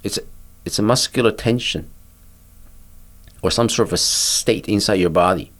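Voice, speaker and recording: An older man, a physician, guiding a listener through a body-awareness exercise in a calm, patient, instructive way. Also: on the low side, normal speed. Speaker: physician and therapist guest. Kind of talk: guiding a mindfulness exercise in conversation.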